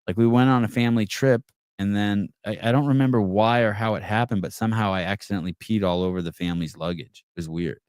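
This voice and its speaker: A man's voice: on the low side, fast talker, hardly any pauses, a little mellow, clean tone, no room sound, studio quality. A man hosting a live call-in podcast, talking bluntly and with a lot of swearing, restarting his words often and reading viewer comments aloud. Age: adult with children. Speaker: podcast host.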